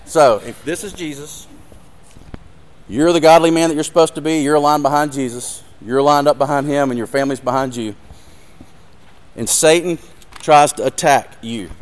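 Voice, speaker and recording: A man's voice: a little high, normal speed, pauses often. A man giving an earnest sermon with a live demonstration, speaking directly to his audience and growing emotional. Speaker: ministry speaker.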